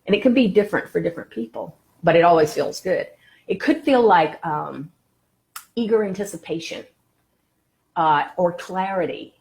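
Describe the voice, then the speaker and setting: A woman teaching about the law of attraction on a live stream, encouraging and warm in her phrasing, greeting viewers by name between points. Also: lowish voice, lively intonation, moderate pace, gravelly.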